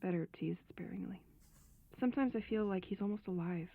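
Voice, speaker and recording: A woman's voice: mid-range voice, quick pace, vocal fry, dry recording. An actress voicing a lonely young woman recording reflective, wry diary entries in a game. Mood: tender. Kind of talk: game voice acting. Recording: tinny phone-like sound.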